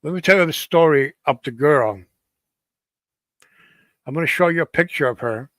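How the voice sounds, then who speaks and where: A man casually telling a ghost story on a stream, halting often and restarting his sentences. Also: on the high side, fairly bright tone, no echo. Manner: halting, many restarts and fillers.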